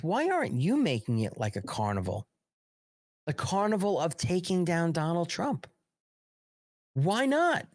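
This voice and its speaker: A man's voice: a little high, no echo, clean studio sound. A man hosting a political live show, ranting in a heated, sarcastic and profane way. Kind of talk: political commentary livestream.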